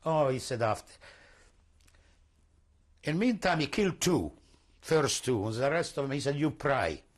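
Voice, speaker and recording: A man's voice: medium pitch, lively intonation. Older male interviewee, mid-range voice, unpolished, stumbling speech in testimony. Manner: halting, searching for words, repeats himself; non-native English, broken grammar. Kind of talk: oral history testimony.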